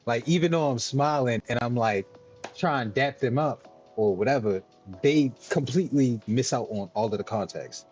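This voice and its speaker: A man's voice: mid-range voice, animated, moderate pace, a little mellow, breathy edge, muffled recording, soft background music. A male gaming streamer talking loosely and explaining at length, often checking in with "right?". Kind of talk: livestream commentary while gaming.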